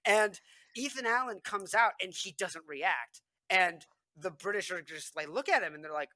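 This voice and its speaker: A man's voice: high voice, moderate pace, dry recording. A young man co-hosting a casual history podcast, telling stories in a rambling way, full of fillers and restarts. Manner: rambling, many fillers and restarts, animated storytelling. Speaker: podcast co-host.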